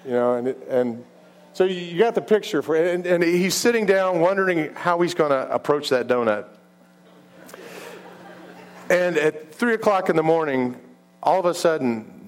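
A male preacher telling a story in a sermon, with halting starts and repeated words, often dropping low and quiet.

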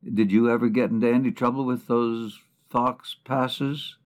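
A man with a middle-pitched voice co-hosting a casual comedy podcast. He talks in a playful, wisecracking way and ribs his partner. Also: steady tone, a little slow. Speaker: podcast co-host. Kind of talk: casual comic chat.

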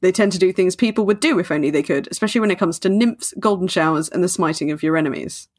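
A woman with a slightly low voice co-hosts a podcast. She chats with dry wit, reads passages aloud and slows down to stress key phrases. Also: darkish tone, husky. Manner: dry wordplay, slows down for emphasis. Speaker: podcast co-host. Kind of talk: casual chat and reading aloud.

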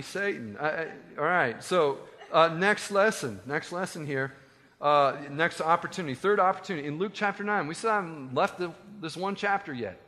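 In a reverberant hall, a man with a slightly high voice delivers a sermon as a pastor. He's animated and chatty, slipping in joking asides.

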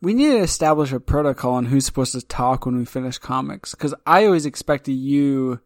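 A man's voice: mid-range voice, lively intonation, brisk, dry recording, studio quality. A man co-hosting a podcast, teasing his co-host playfully in casual chat.

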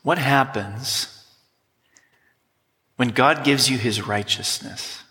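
Speaking slowly in a sharp, medium-pitched voice, a pastor delivers a teaching sermon with emphasis and has the congregation echo words back. Long reverb from the church sanctuary fills the recording.

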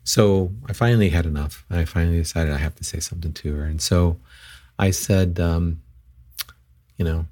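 Low dark-voiced man telling a story. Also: normal speed. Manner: conversational, acts out quoted dialogue. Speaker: podcast host. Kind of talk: storytelling monologue.

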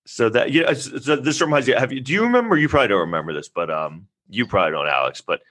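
Bright-voiced rambling male podcast host. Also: mid-range voice, fast. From New York City. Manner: rambling, filler-heavy storytelling with animated quoted asides. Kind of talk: casual chat.

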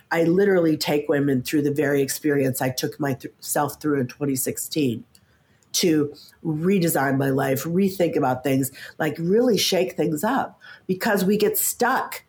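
A woman in her fifties, a guest on a podcast interview, talking in an animated, casual way, often stumbling on the first words of a sentence. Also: low-pitched. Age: 50s. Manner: animated, stammers at starts, acts out quoted voices. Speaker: podcast guest, coach and author.

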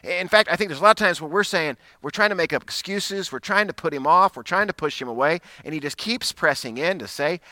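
A man's voice: fairly high pitch, animated, brisk, hardly any pauses, bright, forceful tone, no room sound. A middle-aged man, a pastor, telling a personal story in a conversational, self-deprecating way during a sermon.

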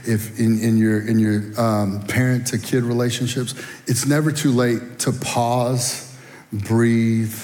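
A middle-aged man preaching a sermon, telling folksy personal stories and speaking straight to the congregation. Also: mid-range voice. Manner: folksy, animated storytelling, addresses the audience directly. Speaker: guest speaker at a church. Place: church auditorium. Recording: long reverb in a large hall.

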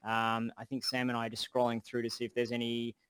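A man's voice: mid-range voice, completely flat delivery, fast, a bit bright, smooth, dry recording. Australian-accented man, jokey livestream co-host, dry close recording. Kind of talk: casual livestream Q&A.

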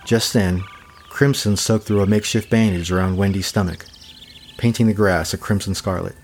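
A man with a fairly low voice narrates a fantasy tale in a measured, descriptive way. Soft music runs quietly beneath his reading. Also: steady tone. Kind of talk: scripted storybook narration.

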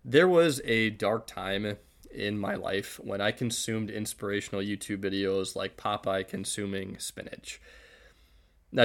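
A man reading a Bible passage and then giving an earnest, measured devotional talk for his podcast. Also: on the low side. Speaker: podcast preacher. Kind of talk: scripture reading and devotional teaching.

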